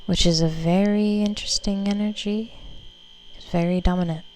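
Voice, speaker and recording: A woman's voice: mid-range voice, steady tone, moderate pace, darkish tone, a little hiss or hum, low-quality recording. A woman doing a casual tarot reading for her viewers, chatty and loose, full of fillers and the odd swear word. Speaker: tarot reader.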